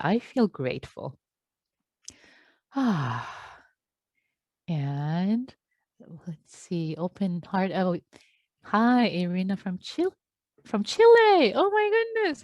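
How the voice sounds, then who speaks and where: A woman meditation teacher on a video call reads out attendees' check-ins and answers with warm, affectionate remarks. Her voice is on the low side, with no room sound.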